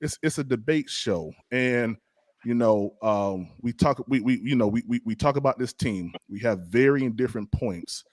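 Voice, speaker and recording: A man's voice: mid-range voice, dry recording, clean studio sound. A man, a pastor defending himself in a casual debate, stammering and laughing things off. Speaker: pastor and podcast guest.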